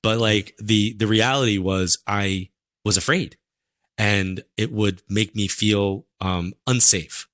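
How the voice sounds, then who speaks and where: Chatty low-voiced New man. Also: slow, dry recording, clean studio sound. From New York. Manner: animated, chatty storyteller with many fillers. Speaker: psychic medium guest. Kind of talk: casual interview storytelling.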